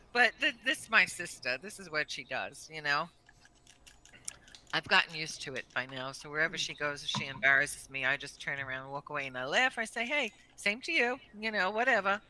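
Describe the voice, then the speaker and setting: Blunt woman telling funny stories, swears a lot, really bright voice. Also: low-pitched, lively intonation, fairly quick, poor audio. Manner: blunt, swearing, laughing storyteller. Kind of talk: casual chat.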